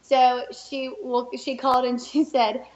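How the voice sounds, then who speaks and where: A woman guest on a podcast, telling a story in a lively, laughing way and acting out the people she quotes. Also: high-pitched, measured pace. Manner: animated, laughs often, puts on voices when quoting. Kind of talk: casual interview storytelling. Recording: roomy and dull, lo-fi.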